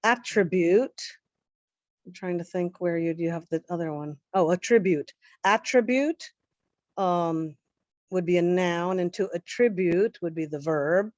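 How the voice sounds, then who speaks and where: A woman's voice: on the low side, a little mellow, dry recording. Careful woman pronunciation teacher, dull call audio. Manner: careful, slowly contrasts word pairs. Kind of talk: explaining pronunciation.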